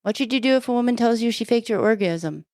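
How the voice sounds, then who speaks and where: Mellow woman reading jokes flatly. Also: a little high, quick pace, dry recording, studio quality. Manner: flat, unenthusiastic joke delivery. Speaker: podcast host. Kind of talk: casual chat, reading jokes aloud.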